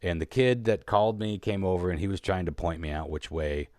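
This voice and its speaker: A man's voice: low-pitched, brisk, darkish tone, no room sound, studio quality. A man co-hosting a podcast, telling a long story in a rambling, profane, casual way and laughing as he goes. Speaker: podcast co-host.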